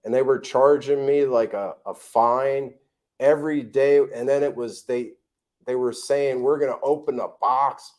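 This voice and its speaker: Plain-spoken American host for a casual vlog chat, blunt and profane, mid-range pitch. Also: male voice, measured pace. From United States. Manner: blunt, swears freely, animated storyteller. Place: home in the tropics.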